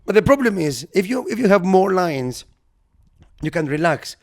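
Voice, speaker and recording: Guy on a podcast telling a funny story, kinda high voice, swears a lot, does all the voices. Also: normal speed. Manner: animated, swearing, acts out quoted voices. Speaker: podcast co-host. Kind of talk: casual comedic storytelling. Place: podcast recording.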